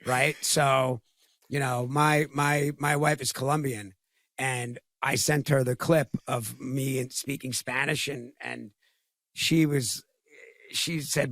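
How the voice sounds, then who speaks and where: A middle-aged man talking as a podcast guest in casual conversation, halting and often repeating his words. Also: mid-range voice, steady tone, a bit bright, no room sound.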